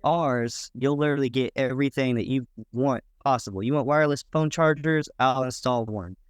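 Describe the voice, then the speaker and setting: Guy explaining boat work on a podcast, smooth clear voice, dry sound. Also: medium pitch, moderate pace, dry recording. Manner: laid-back, practical explaining. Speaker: podcast guest, boat builder. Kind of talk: casual podcast conversation.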